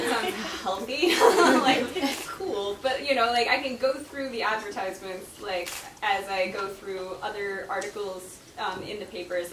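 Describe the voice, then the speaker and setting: A woman author answering audience questions in casual talk, chatty and quick to laugh, with many fillers. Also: mid-range voice. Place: book event room. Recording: echoey room, distant mic, noisy.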